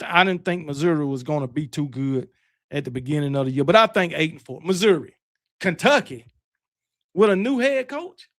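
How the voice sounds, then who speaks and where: Guy w a high voice rambling about football to his chat, keeps correcting himself. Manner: rambling, self-correcting, talks back to chat; boastful sports banter. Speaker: livestream host. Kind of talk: casual chat with live viewers.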